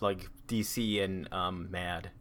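A man on a podcast, excitedly chatting about a comic he read. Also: low voice, takes it slowly. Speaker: podcast co-host. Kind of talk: casual chat.

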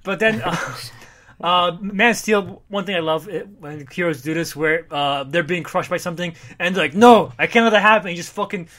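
A man's voice: high voice, moderate pace, sharp tone. A man in casual chat recapping a comic, rambling, swearing, and briefly acting out the characters. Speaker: podcast co-host recapping comics.

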